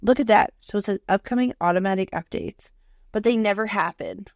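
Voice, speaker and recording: Gravelly-voiced woman, swearing storyteller. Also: medium pitch, brisk, dry recording, studio quality. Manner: animated, profane storytelling. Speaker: podcast co-host. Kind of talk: casual chat.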